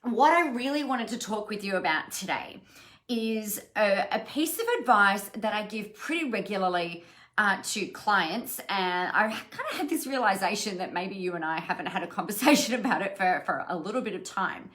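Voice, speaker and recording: A woman's voice: mid-range voice, animated, moderate pace, a bit bright. Woman, middle-aged, business coach; casual, encouraging livestream delivery. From Australia. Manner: chatty and encouraging, greets viewers by name, frequent fillers. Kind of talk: live-streamed coaching talk.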